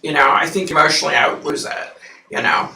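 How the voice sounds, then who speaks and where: A woman hosting a psychic livestream, chatting casually with viewers and laughing often; her voice sounds unusually deep through the mic. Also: fast, vocal fry, bright, forceful tone, echoey room, distant mic, poor audio.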